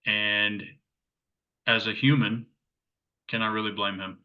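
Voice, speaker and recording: A man's voice: lowish voice, flat delivery, takes it slowly. A man in his thirties, a podcast co-host, telling a story in a rambling, reflective way with lots of fillers and restarts. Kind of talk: casual storytelling chat. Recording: dull lo-fi audio.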